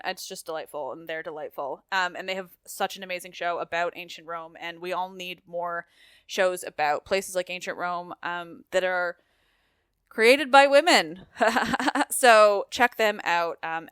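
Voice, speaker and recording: Smooth-voiced woman podcast host. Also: mid-range voice, fairly bright tone, dry recording, studio quality. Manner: candid, swearing, emotional. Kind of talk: casual podcast chat and outro.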